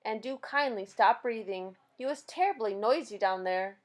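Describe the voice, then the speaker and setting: Lady reading a big gentle giant guy, gets all worked up, muddled words and made-up ones. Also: on the high side, moderate pace, lightly acted. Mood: fussy. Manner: mangled grammar and made-up words, cries out. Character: big gentle male giant, excitable, jumbled grammar.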